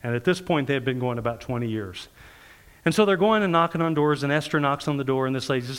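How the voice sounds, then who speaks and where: A man with a medium-pitched, clean voice preaches quickly, weaving stories into his sermon. He's animated, acting out the people he quotes and frequently laughing as he goes.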